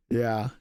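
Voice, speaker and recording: A man's voice: mellow, no echo, studio quality. A man co-hosting a podcast, telling a long story in a casual, rambling way with lots of fillers, restarts and swearing. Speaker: podcast co-host.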